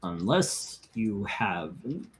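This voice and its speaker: A man's voice: fairly low pitch, very animated, drawn-out words. A man hosting a casual live stream, chatting and reading out viewer comments and scores. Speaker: host of a live comic-cover ranking stream.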